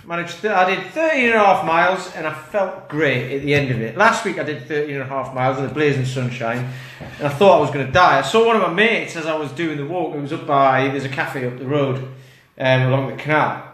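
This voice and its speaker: Chatty man, bright and roomy. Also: fairly high pitch, fairly quick. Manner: chatty, rambling, self-interrupting. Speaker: fitness coach. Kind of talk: casual talking-head vlog. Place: indoors. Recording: roomy echo.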